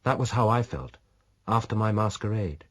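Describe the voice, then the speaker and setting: A spirited, restless English noblewoman, earnest and quick to challenge, as a man reads her in an audiobook. The voice is husky, lively in its rise and fall, and sits fairly low. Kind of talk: audiobook reading.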